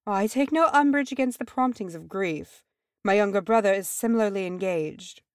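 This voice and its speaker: Woman reading a composed, formal elf lord, even and courteous, close dry sound. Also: mid-range voice, dry recording, voice pushed up, lightly acted. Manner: calm, measured, formal. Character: composed, elegant male elf envoy.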